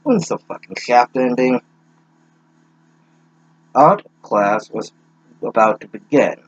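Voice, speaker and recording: A man's voice: mid-range voice, sing-song, takes it slowly, no room sound, highs cut off. A young man reading a fanfic aloud with sarcastic, profane asides, stumbling over words. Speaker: reader mocking a fanfic.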